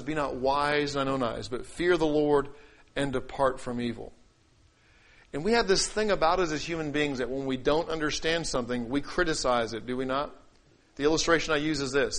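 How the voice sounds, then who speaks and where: A man preaching a sermon, acting out quoted voices and scripture, swinging between loud declaiming and quiet asides. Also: mid-range voice. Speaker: pastor.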